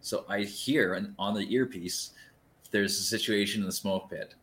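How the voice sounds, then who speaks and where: A man's voice: on the low side, moderate pace, a little hiss or hum. A man casually telling a long story, rambling and swearing freely as he acts out the scene. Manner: rambling, profane, lively retelling.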